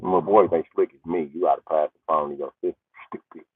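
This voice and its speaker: A man doing a profane comedic rant on a livestream. He swings from high yelling to low muttering. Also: fairly even intonation, fast, slightly rough. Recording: tinny phone-like audio.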